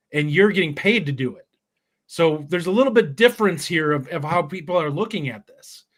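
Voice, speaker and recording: A man co-hosting a sports podcast, talking casually and animatedly. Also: on the high side. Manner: animated, mimics voices in quoted asides. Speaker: podcast co-host.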